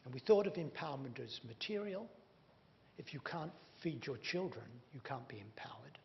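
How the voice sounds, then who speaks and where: A man's voice: mid-range voice, big pitch swings, normal speed, gravelly. A man giving a public lecture, emphatic and wry, leaning hard on key words. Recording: dull reverberant hall recording with faint hum.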